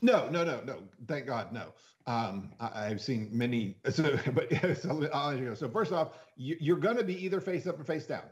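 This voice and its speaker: A man who is a freediving instructor, talking as a podcast guest in a casual, animated way, often restarting and acting out quoted voices. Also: medium pitch, moderate pace, lo-fi sound. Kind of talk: casual explanatory podcast talk.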